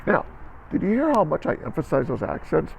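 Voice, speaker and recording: A man with a fairly high, gravelly voice and wildly swooping pitch teaches a band lesson on video, talking a little fast. He counts aloud, coaches the students, and keeps checking in with "okay?". The audio is poor, with slight background noise.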